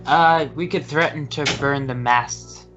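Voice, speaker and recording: A man's voice: fairly high pitch, measured pace, music in the background. A man playing a tabletop game, offering dry, scheming suggestions. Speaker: player. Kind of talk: casual tabletop play. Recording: slightly dull lo-fi recording.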